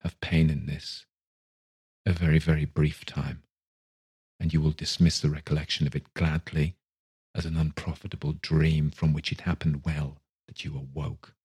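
A man reads the part of a young woman speaking softly and with quiet steadiness, hurt but composed. The voice stays low and strikingly smooth, a storybook reading. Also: normal speed, heavily acted. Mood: gently sorrowful. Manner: soft and gentle, steady. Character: gentle young woman releasing her sweetheart.

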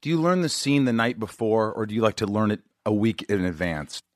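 An excitable man hosts a podcast, talking fast and jumping around in pitch as he jokes and throws out questions. His voice sits at a middle pitch. The recording is dry and close to the mic. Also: no room sound. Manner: excitable, joking, quick-fire questions. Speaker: podcast host. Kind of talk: casual podcast interview.

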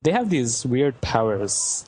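A man's voice: mid-range voice, very animated, slow pace, darkish tone. A man chatting casually, playful and laughing often. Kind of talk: casual chat.

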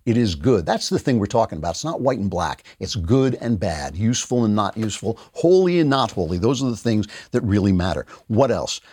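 A man's voice: fairly low pitch, very animated, fairly quick, few pauses, darkish tone, husky. A middle-aged man hosting a political commentary show, giving an indignant, sarcastic opinion monologue. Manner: sarcastic, indignant, mocking voices of opponents.

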